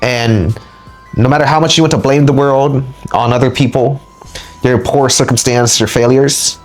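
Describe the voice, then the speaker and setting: A man's voice: mid-range voice, steady tone, moderate pace, soft background music. A man giving a motivational spiritual lecture as host, speaking emphatically and repeating words for punch. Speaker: spiritual teacher and channel host.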